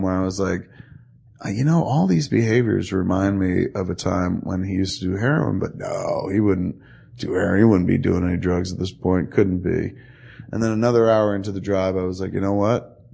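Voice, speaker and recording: A man hosting a podcast rambles through a story in a casual, profane way and acts out what everyone said. His voice sits fairly low, with a gravelly, husky edge. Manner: profane, animated storytelling with acted quotes. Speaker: podcast host.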